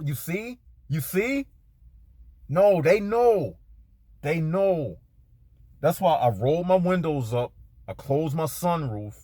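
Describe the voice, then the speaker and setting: A man's voice: medium pitch, darkish tone, dry recording. A man in a parked car giving a casual spiritual talk to his viewers, laid-back and slangy, speaking straight to them. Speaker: spiritual vlogger.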